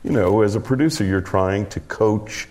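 In an interview, a middle-aged producer and director with a very deep, low-pitched voice tells an anecdote. He rambles at a moderate pace in a slightly mellow tone, restarting sentences and leaning on fillers.

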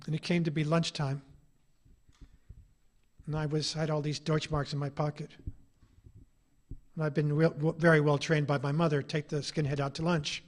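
A man's voice: fairly high pitch, flat delivery, moderate pace, long pauses. A middle-aged man, an author giving an anecdotal public lecture, telling his stories with a wry, ironic edge.

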